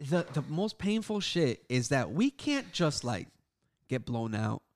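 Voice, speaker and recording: A man with a high voice tells a story in casual chat with friends. He acts out what people said loudly and with energy. He talks as a co-host of a podcast. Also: very animated, a little slow.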